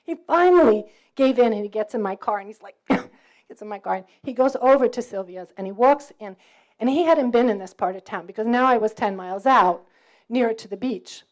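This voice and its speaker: A middle-aged woman from New York, with a faded New York accent, telling a personal faith story to students in a lively way, acting out dialogue and laughing often. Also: on the high side, brisk. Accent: New York, mostly faded. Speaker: campus speaker.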